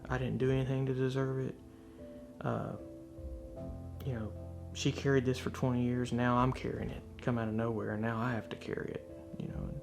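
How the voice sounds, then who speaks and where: A man's voice: medium pitch, level tone, a little fast, gravelly, music in the background. A man earnestly and candidly telling a personal faith testimony, reflecting on what happened to him. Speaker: speaker sharing a faith testimony.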